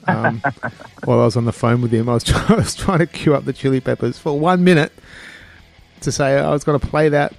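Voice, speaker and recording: A man's voice: mid-range voice, darkish tone. A middle-aged man with an Australian accent hosting casual radio chat in a laid-back, chuckling way. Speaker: radio host. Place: radio studio.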